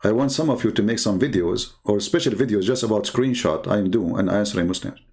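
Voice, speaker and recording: A man's voice: fairly low pitch, a little fast. Combative, mocking man ranting. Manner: mocking and combative, rises to loud indignant outbursts. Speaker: religion critic answering viewers. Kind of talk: polemical monologue.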